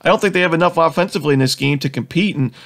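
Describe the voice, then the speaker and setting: A man with a cold and a nasal voice, hosting a quick sports betting picks rundown in a confident, stat-heavy way with many fillers. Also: fairly high pitch, fairly bright tone. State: has a cold. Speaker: sports betting analyst host.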